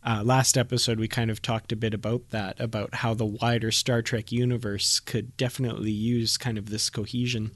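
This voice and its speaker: Male podcast co-host, mid-pitched, measured and friendly, dry close mic. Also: little pitch movement, no room sound. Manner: measured, friendly, laughs easily. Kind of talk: casual podcast discussion.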